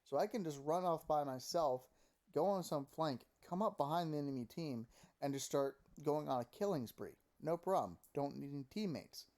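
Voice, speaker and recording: A man ranting casually and profanely about a video game, animated and full of mocking quoted voices, recorded close on a desk mic at home. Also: on the high side, moderate pace. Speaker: gaming commentator. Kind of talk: casual opinion rant.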